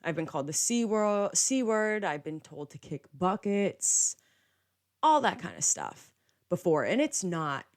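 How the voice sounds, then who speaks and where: With big pitch swings and an unhurried pace, a young woman whose voice is notably low hosts a casual podcast monologue. She rambles in a chatty way, using "like" constantly and slipping into quoted dialogue as she tells what happened.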